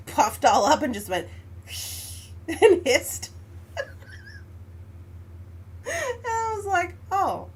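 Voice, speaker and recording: Animated, exasperated woman telling a story. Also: a little high, slight background noise. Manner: animated, exasperated, laughs often. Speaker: live stream host. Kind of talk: casual storytelling chat.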